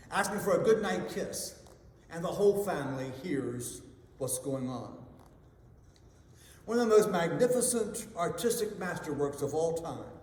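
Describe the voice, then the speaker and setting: A male pastor giving a devotional, telling a story slowly and letting his voice sink soft and low at the ends of lines. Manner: slow storytelling delivery, drops soft and low at line ends. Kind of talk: devotional sermon with a told joke. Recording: echoey hall reverb.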